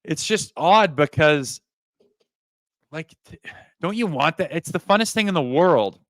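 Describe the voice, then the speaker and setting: A man's voice: mid-range voice, fairly bright tone, clear, resonant tone, no room sound. A man who is a former hockey player, talking animatedly on a podcast, swearing freely and acting out players' voices. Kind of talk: casual podcast chat.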